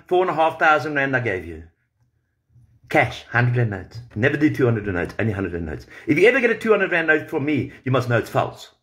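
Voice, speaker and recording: A man's voice: a little high, a bit bright. A man on a livestream, confronting a rival directly with an angry, profane rant.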